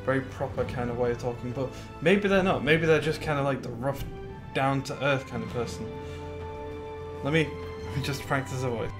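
A man's voice: mid-range voice, normal speed, music in the background. A man chatting casually as he streams a game, rambling through what he plans to do with lots of fillers and replies to his chat. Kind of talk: casual live-stream commentary.

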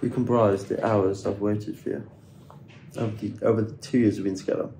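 A young man vlogging on a trip, excitable and swearing casually, filmed on a handheld camera. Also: on the low side, a little fast. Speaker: travel vlogger. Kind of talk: casual vlog chat. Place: out and about on a city trip. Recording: noisy ambient background.

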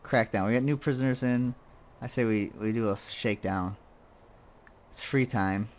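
A man's voice: on the low side, normal speed, darkish tone. A man casually commenting as he plays a game, rambling and muttering to himself with jokes along the way. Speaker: let's play host.

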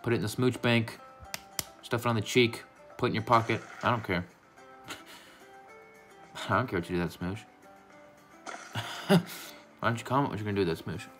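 Goofy, rambling man, low voice. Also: normal speed, pauses often, a bit bright, faint music behind. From United States. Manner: goofy, rambling, playfully affectionate. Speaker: gaming YouTuber. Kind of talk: casual gaming vlog. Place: his room.

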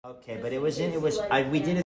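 A man's voice: on the high side, very fast, a little mellow, echoey room, distant mic, a little hiss or hum. A man bantering casually off camera with a friend, dry and blunt. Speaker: friend on road trip.

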